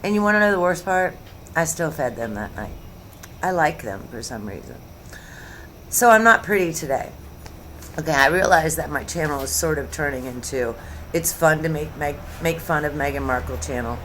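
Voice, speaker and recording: A woman's voice: low-pitched, expressive, normal speed, a bit bright, slight background noise. A woman in her fifties talking casually to camera at home, chatty and sarcastic, drifting between topics. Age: 50s. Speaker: YouTube commentary host. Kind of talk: casual rambling commentary to camera.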